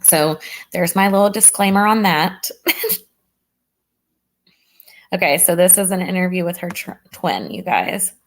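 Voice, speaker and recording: A woman's voice: lowish voice, fairly even intonation, measured pace, pauses often. A woman hosting a casual true crime livestream, chatting with viewers. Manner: chatty, warm toward chat, says "y'all" often.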